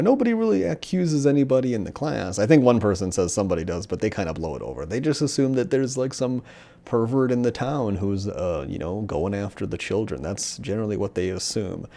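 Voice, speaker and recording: A young man with a deep, low-pitched voice talks casually about a manga he has read. He rambles and fills his sentences with "like" and "um", and now and then slips into the characters' lines. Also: gravelly, mellow. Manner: rambling, many fillers, acts out character lines. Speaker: manga reviewer. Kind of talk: casual solo discussion.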